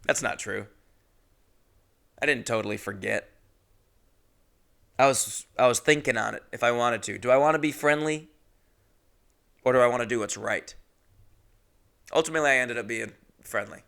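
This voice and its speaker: A young adult man, a podcast host, telling a comedic story alone, indignant and swearing, jumping into high exaggerated voices when he quotes people. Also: moderate pace, gravelly, pauses often, fairly bright tone, clean tone.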